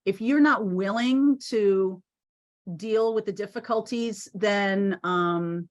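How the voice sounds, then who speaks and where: A woman's voice: mid-range voice, slow. A woman giving a casual, encouraging tarot reading to viewers, thinking aloud as she turns the cards. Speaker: tarot reader. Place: home in Maine.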